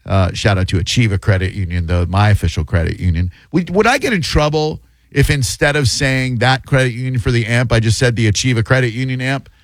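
A man's voice: medium pitch, fairly quick, no echo. Teasing male radio host. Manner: sarcastic, teasing, rambling. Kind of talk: playful morning radio banter. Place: radio studio.

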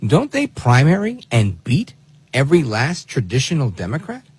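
Man, commentary host, sarcastic, exasperated, husky, swooping pitch. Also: wildly swooping pitch, normal speed. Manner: sarcastic and exasperated, with rhetorical questions. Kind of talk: opinionated commentary on played clips.

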